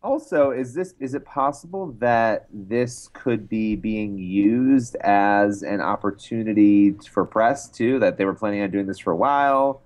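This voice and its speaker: A man co-hosting a podcast in casual chat, telling wry, animated anecdotes and giving opinions. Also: fairly low pitch, unhurried, hardly any pauses. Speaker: podcast co-host.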